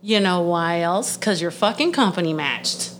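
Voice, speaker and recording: A woman's voice: lowish voice, animated, moderate pace, a little hiss or hum. A woman in her thirties ranting in a blunt, profane, exasperated way, speeding up in heated bursts. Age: 30s. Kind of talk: ranting monologue.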